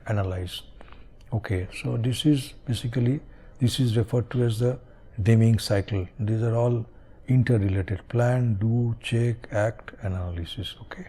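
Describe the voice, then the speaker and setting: Hesitant male lecturer, mellow voice. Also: on the low side, slightly rough. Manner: hesitant, many fillers and checks like "is it okay?". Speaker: university lecturer. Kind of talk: recorded classroom lecture.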